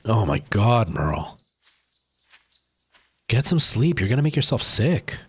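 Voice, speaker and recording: A man's voice: fairly low pitch, very animated, a little slow, slightly rough, dry recording. A young man streaming a game live, chatting with his viewers and yelping in panic when attacked. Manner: chatty, jumps to loud panicked yelps in fights. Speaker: livestreaming gamer.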